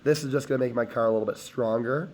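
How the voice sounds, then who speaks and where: A hoarse man teaching, talking step by step through a screen-recorded CAD tutorial as he clicks. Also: mid-range voice, fast, darkish tone. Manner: step-by-step, talks while clicking.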